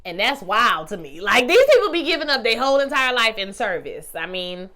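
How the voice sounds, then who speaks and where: Animated woman with a bright, salty voice. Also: a little fast. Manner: animated, swings between loud exclaiming and low musing; salty slang, addresses viewers as y'all and baby. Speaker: vlogger reviewing a TV series. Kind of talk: casual chat.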